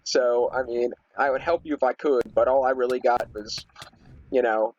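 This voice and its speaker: A man's voice: mid-range voice, steady tone, normal speed, dull audio. A young man rambling casually through a story while playing a game, with lots of fillers and restarts. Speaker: gaming video host. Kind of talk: casual storytelling over gameplay.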